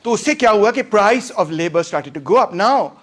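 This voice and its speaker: Fast, high-voiced man lecturing. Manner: lively, sarcastic, switches between English and Hindi-Urdu. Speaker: lecturer on a book. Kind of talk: casual talk lecture.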